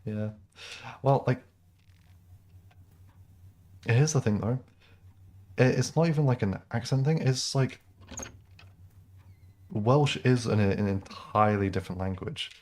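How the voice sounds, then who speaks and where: A man's voice: mid-range voice, takes it slowly, pauses often, a little mellow. A man chatting casually as he streams a game, rambling with lots of ums and likes. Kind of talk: casual gameplay commentary.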